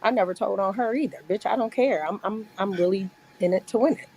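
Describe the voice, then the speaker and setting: A woman's voice: mid-range voice, fast, a little mellow, a little hiss or hum, poor audio. A woman in her forties telling stories in a casual chat as a podcast guest, blunt, boastful and full of profanity.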